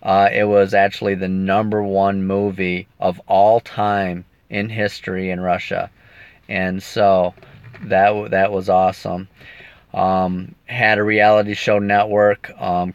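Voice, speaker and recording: Low gravelly man rambling in a car. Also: level tone, slow pace, no echo. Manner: rambling, emotional, reads viewer comments. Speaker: activist giving an update. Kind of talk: casual video update. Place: sitting in a car. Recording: dull lo-fi sound.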